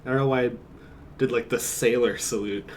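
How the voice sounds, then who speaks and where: A man's voice: mid-range voice, steady tone, a little fast, a little hiss or hum. A man streaming from home, chatting casually in a rambling, jokey way and chuckling often. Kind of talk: casual live-stream chat.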